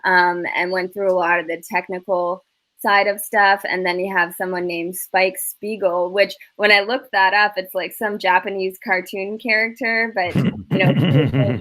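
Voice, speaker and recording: A woman guest on a panel chat, summarising news in a measured, hesitant way with many fillers. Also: mid-range voice, fairly bright tone.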